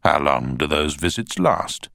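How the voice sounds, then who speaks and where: A man voicing a cool male barrister, cross-examining in a measured, pointed way. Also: a bass voice, very animated, creaky, fairly bright tone, dry recording, clean studio sound, heavily acted. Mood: probing. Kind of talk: audiobook character voice.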